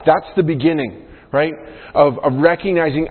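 A man, a pastor preaching a sermon, who rises in pitch and force to stress key points. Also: normal speed. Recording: phone-like sound in a reverberant hall.

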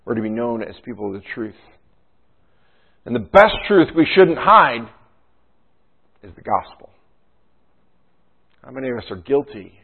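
A male pastor preaching a sermon at a medium pitch. He leans on rhetorical questions and keeps checking in with "right?". The sound is thin and narrow, like a phone line. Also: gravelly, husky.

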